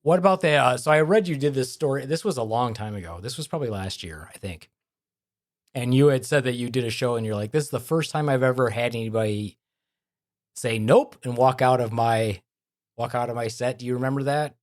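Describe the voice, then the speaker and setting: A man's voice: mid-range voice, brisk. A man hosting a podcast in casual chat, telling stories and acting out the people in them. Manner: lively storyteller who acts out quoted people. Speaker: podcast host.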